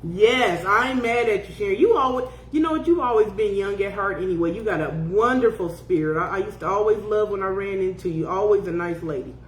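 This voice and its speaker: A woman's voice: medium pitch, fairly quick, few pauses, slight background noise. A woman in her fifties hosts a loose live chat, reading viewer comments aloud. She talks bluntly, swears freely and breaks into laughter. Her voice rings in a roomy, echoing space. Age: 50s. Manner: blunt and profane, laughs often. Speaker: podcast host.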